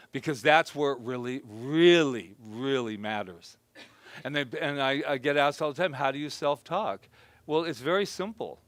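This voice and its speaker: A man's voice: mid-range voice, dry recording. Chatty joking male minister, dry sound. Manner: conversational and joking, softly acts out his own self-talk. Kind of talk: informal sermon. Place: spiritual center gathering before a congregation.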